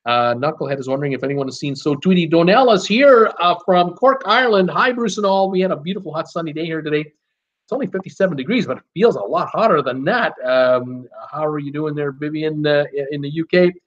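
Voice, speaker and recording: A man's voice: fairly high pitch, expressive, brisk. A man hosting a live stream, chatting casually and greeting viewers by name as he reads their comments aloud, with lots of "uh" fillers along the way. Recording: dull lo-fi sound.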